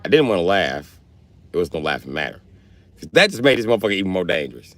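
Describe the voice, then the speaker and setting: A man's voice: sits low, sing-song, fast talker, no echo. A young man from Wisconsin, a livestreamer telling a rambling, profane comic story with lots of energy.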